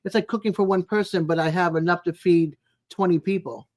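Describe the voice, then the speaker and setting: Live streamer, casual chat, rambling, greets viewers by name, homey small talk, mid pitch. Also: steady tone, fairly quick, darkish tone. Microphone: home streaming mic, no camera.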